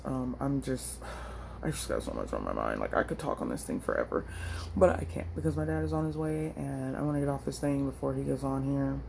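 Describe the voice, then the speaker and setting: A woman's voice: rumbling low, gravelly, background noise. A woman vlogger venting into her phone, frustrated and blunt, with slangy, profane talk. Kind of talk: emotional personal vent.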